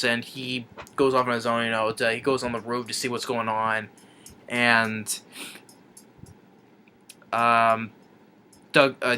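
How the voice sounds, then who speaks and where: A man's voice: mid-range voice, pushed and bright, smooth. A man reviewing a film, retelling the plot in a rambling, casual way with many restarts and chuckles.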